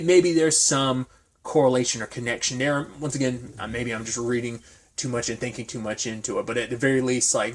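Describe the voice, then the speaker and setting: A man's voice: mid-range voice, slightly rough. Rambling man recapping an episode. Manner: rambling, filler-heavy, speculative. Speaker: TV episode reviewer. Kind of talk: casual recap talk.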